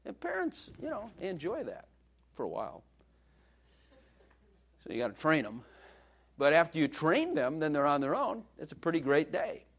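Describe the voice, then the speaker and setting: A man's voice: a little high, wildly swooping pitch, moderate pace, long pauses. A male preacher giving a sermon in a joking, conversational way, laughing often.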